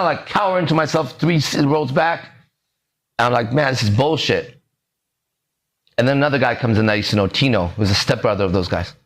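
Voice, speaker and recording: A podcast host with a mid-range, slightly bright voice tells a story in a casual, profane style. He acts out the voices of the other people involved.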